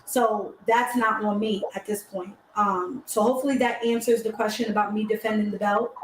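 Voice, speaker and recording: A woman's voice: mid-range voice, steady tone, moderate pace. A woman in her twenties, a battle rapper, chatting bluntly and casually in slang during an interview. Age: 20s. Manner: blunt, slangy, talks over others. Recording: echoey room with faint noise.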